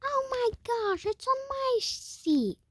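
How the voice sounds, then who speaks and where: A woman's voice: level tone, moderate pace, no echo. A woman acting out a panicking mother who is frantic about a spider. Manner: shrill, frantic.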